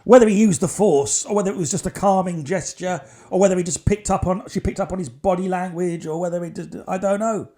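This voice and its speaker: A man with a fairly high voice tells a long story on his podcast. He rambles from one thing to the next in a casual way and keeps dropping dry little asides. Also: fairly quick, few pauses, warm tone. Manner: chatty, digressive, wry asides. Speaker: podcast host.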